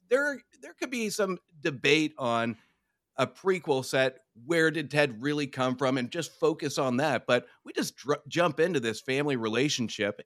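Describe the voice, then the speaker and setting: A man appearing as a guest on a podcast, speaking in an earnest, casual manner. His voice has a bright, forceful edge, and his pitch moves up and down a lot. It is recorded close and dry. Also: no room sound. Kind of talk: casual chat.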